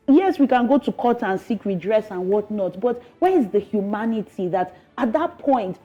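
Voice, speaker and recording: A woman's voice: a little high, dark tone, breathy edge, muffled recording. A woman being interviewed, giving an earnest, distressed first-person account and often stopping to restart her sentences. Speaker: interviewee, resident and mother.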